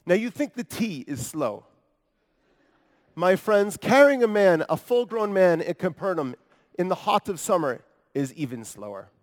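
The preacher's voice is high and sing-song, a bit slow, as he dramatizes the life of a paralyzed adult man from Capernaum in first person. Earnestly and wryly, he speaks to the congregation in asides, echoing through a long hall reverb.

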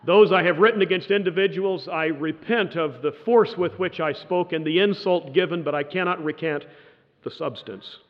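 A lecturer quoting a defiant monk-professor on trial, slow and solemnly firm, in a dull echoing hall. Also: male voice, a little high, lightly acted. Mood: solemn defiance. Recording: dull lo-fi sound in a reverberant hall.

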